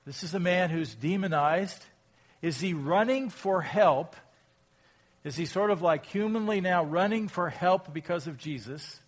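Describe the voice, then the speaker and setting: A pastor preaching a sermon, reading scripture aloud and asking reflective, rhetorical questions. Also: male voice, sits high, measured pace. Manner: reflective, asks rhetorical questions, rises in volume when quoting scripture.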